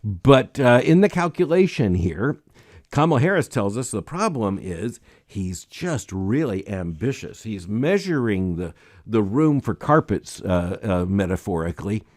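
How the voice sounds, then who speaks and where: Guy hosting a daily news commentary show, wry and emphatic, pitch jumps around a lot, reads quotes out loud. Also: big pitch swings, measured pace. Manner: reads quotations aloud.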